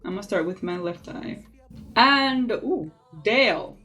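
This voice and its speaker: Soft music sits behind a woman with a medium-pitched, slightly slow voice as she does her makeup on camera. She's a beauty vlogger giving a relaxed tutorial, sharing strong opinions and lively asides in a chatty way.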